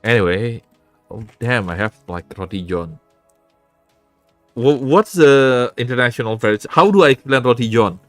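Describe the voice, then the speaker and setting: An animated male streamer talks casually, laughing and cursing freely. His voice sits at a medium pitch and is recorded dry and close on a desk mic. Faint music plays behind him. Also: moderate pace, no echo. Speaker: VTuber streamer.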